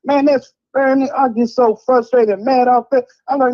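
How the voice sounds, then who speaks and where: A man's voice: very high-pitched, steady tone, moderate pace. Frustrated man ranting on a dull line. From Chicago. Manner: rambling, frustrated, repeats "man". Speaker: caller. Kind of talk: heated call-in rant.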